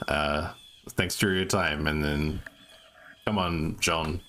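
Player: man, very low voice, firm in-character bargaining. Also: slow pace. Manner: firm, flat haggling in character. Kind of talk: tabletop role-play chat.

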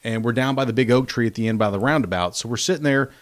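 Man, livestream host, rambling storyteller, mid-pitched casual voice. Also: quick pace. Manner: rambling, animated retelling with acted-out quotes. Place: home, spare bathroom.

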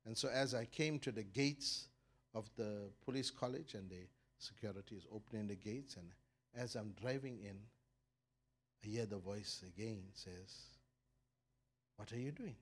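A middle-aged man preaching a sermon as pastor, with his voice swelling loud and high on key points and then dropping low, often repeating words as he builds a thought. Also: normal speed, a little hiss or hum. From South Africa.

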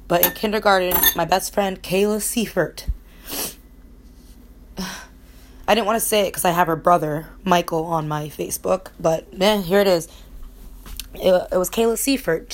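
A young woman from Connecticut telling a personal story in a casual, rambling way, candid and emotional, swearing freely. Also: lowish voice. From Connecticut, USA. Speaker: vlogger.

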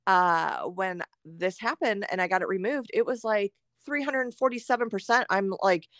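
A woman's voice: mid-range voice, normal speed, a bit bright, dry recording, studio quality. A middle-aged woman talking candidly as a podcast guest, full of fillers and acting out her own thoughts. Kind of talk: candid conversational chat.

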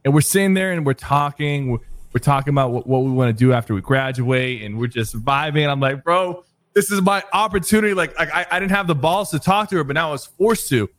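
A young man tells a story in a loose, rambling way, peppering his talk with filler words. His voice sits at a middling pitch. It is recorded close and dry, with no room sound. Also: fast, no room sound. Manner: laid-back, lots of "like" and "bro" fillers. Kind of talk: casual storytelling chat.

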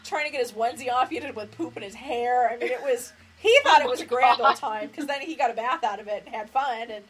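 A woman's voice: on the high side, fast, a bit bright, poor audio. Woman telling a rambling, laughing story. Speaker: podcast co-host. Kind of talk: casual chat. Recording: faint background noise.

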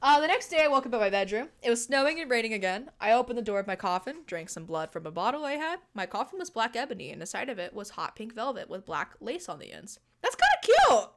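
A woman's voice: a little high, expressive, fast talker, hardly any pauses, a bit bright. A young woman co-hosting a casual podcast, reading fanfiction aloud with giggly asides and jokes. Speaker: podcast co-host.

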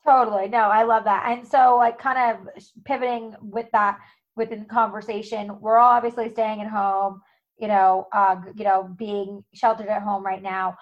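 A woman's voice: mid-range voice, flat delivery, moderate pace. A heavily pregnant woman hosting a casual chat, rambling with many likes. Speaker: podcast host. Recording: dull muffled audio.

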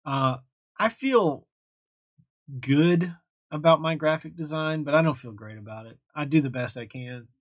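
A man's voice: a little high, measured pace, no room sound. A young man casually hosting a livestream, chatting loosely and thanking viewers as he reads their comments. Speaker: livestream host answering chat. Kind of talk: casual live chat.

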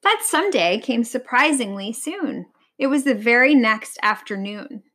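A woman reading a storybook aloud to a child, in an expressive, lively way. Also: fairly high pitch, unhurried.

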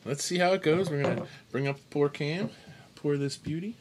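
A man's voice: on the high side, brisk. A man hosting a casual chat show, telling stories in a rambling way with many restarts and laughs. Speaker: host.

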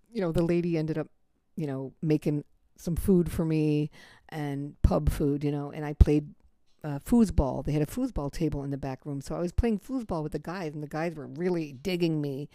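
A woman's voice: low voice, dark tone, dry recording. An American woman hosting a podcast, telling a personal story in a candid, casual way and swearing freely. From United States. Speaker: podcast host.

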